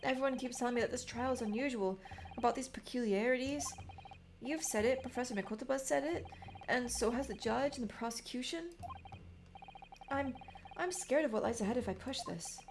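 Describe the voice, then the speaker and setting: Woman as scared young defendant, slightly high, worried. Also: brisk, noisy background, natural voice. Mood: anxious. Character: nervous young male defendant turned lawyer.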